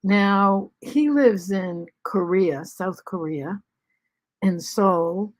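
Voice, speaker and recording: A woman of seventy-three talking in a halting, soft way at home, pausing with many ums and restarts. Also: medium pitch. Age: 70s. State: short of breath after covid. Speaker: vlog host. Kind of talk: casual spoken reflection.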